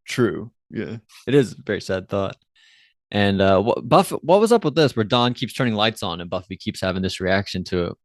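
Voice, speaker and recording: A man with a lowish voice co-hosts a casual recap podcast. He rambles loosely, often trails off mid-thought, and slips into playful quotes of characters. His voice sits close and dry, with no room around it. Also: animated, moderate pace, no room sound. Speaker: podcast co-host.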